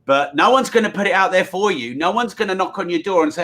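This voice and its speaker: A man's voice: high voice, expressive, fast, sharp tone. A man from the UK, a podcast guest, talking about business and self-belief with earnest, repetitive emphasis. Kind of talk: motivational business chat.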